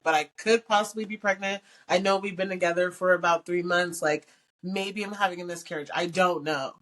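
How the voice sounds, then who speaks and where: A young woman hosting a podcast, telling a personal story in casual chat, full of "like" and acted-out quoted dialogue. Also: mid-range voice. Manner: candid, animated quoted dialogue, frequent "like". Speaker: podcast host.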